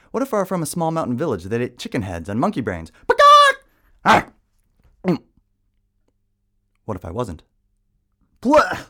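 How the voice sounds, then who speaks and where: A man's voice: medium pitch, a little mellow. A man performing a spoken-word poem as an unbroken chain of rhetorical questions, his voice swinging dramatically.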